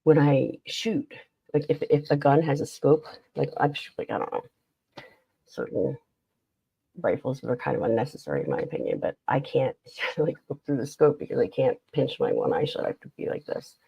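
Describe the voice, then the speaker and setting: A woman hosts a casual livestream, rambling and reading chat aloud between laughs. Her voice is gravelly and husky with a stuffy nose, and her pitch swings widely. The sound is dry and somewhat muffled. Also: lively intonation, moderate pace, dark tone, no room sound. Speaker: livestream host.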